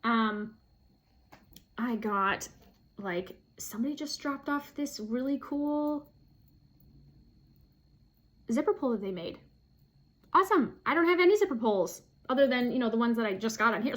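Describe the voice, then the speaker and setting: Chatty woman vlogger, kinda high voice, lots of likes and ums, giggles at herself. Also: animated, measured pace, long pauses. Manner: chatty, giggly, self-deprecating with many fillers. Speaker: flosstube vlogger. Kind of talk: casual chat to camera.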